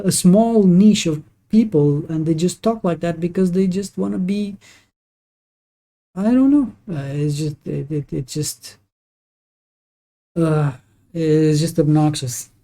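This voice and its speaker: A native Portuguese speaker streaming live, chatting casually while gaming in a halting, opinionated way with many restarts. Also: medium pitch, fairly even intonation, dark tone.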